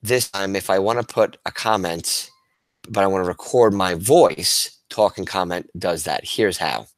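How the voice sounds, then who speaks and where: A man's voice: deep voice, unhurried, dry recording. A male teacher presenting a webinar to other educators, talking casually and enthusiastically while he demonstrates tools on screen. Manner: casual and enthusiastic, with frequent restarts and fillers.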